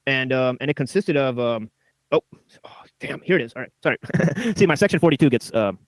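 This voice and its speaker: A man's voice: mid-range voice, animated, fairly quick, dry recording. A male host of a live stream, reading philosophy texts and commenting on them in a rambling way, tagging nearly every phrase with "right?".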